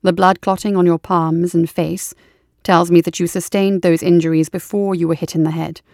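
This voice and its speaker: A woman reading a storybook, voicing a young male army field surgeon who speaks in a calm, measured, clinical way. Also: fairly low pitch, no room sound, clean studio sound, lightly acted.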